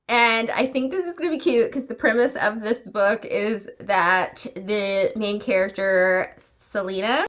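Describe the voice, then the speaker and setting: A woman's voice: medium pitch, fairly bright tone. Chatty young woman book vlogger. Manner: chatty, opinionated, frequent "like" fillers. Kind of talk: casual vlog chat. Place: home at night.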